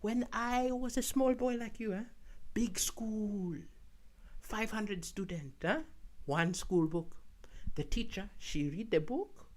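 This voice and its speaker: A man's voice: high voice, slow. A man voicing a boastful, corrupt older male politician, who speaks smug broken English and chuckles. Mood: condescending.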